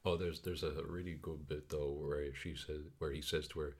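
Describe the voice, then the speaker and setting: This is a man with a very low, deep voice, easygoing and wry as he casually talks through a film's scenes on a podcast. His delivery is relaxed and conversational. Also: normal speed. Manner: laid-back, wry storytelling. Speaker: podcast co-host. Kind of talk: casual chat reviewing a film.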